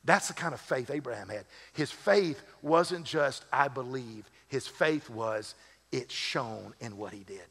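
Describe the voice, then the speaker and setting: A man's voice: medium pitch, expressive, measured pace, creaky, a bit bright. A man serving as lead pastor, preaching a sermon in a conversational way with humorous asides. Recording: long hall reverb.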